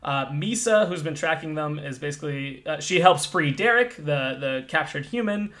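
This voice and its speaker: A man's voice: a little high, animated, moderate pace, a bit bright. A man recapping a fantasy campaign in casual chat, rambling, with many fillers and self-corrections. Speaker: game master recapping a campaign.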